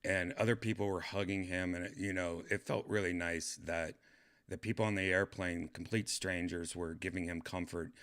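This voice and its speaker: Deep-voiced man rambling on a livestream. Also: steady tone, normal speed, fairly bright tone, clear, resonant tone. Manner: rambling, hesitant, many fillers and restarts. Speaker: podcast host. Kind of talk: casual livestream chat.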